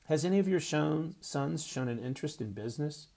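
A man's voice: fairly high pitch, animated, brisk, creaky, a little mellow, pitched above the performer's own voice. A man voicing a determined, dignified middle-aged mother who talks in a firm, insistent way. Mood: pressing.

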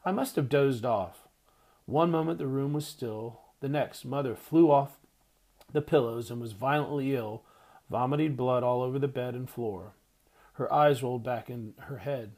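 A man reading a first-person audiobook narration in a hushed, tender way. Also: medium pitch, normal speed.

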